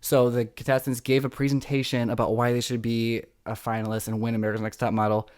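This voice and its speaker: An excitable young man hosts a casual podcast recap of reality TV. He talks fast and throws himself into the drama. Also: medium pitch, clear, resonant tone. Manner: excitable, dramatic, acts out quotes. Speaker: podcast host.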